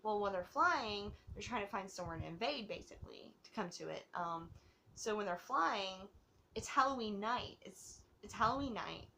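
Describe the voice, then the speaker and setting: A woman's voice: mid-range voice, animated, normal speed, vocal fry, pushed and bright, a little hiss or hum. A woman hosting her own movie review vlog, rambling and gushing with giggles, a bit tipsy from drinking. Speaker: host of a movie review channel.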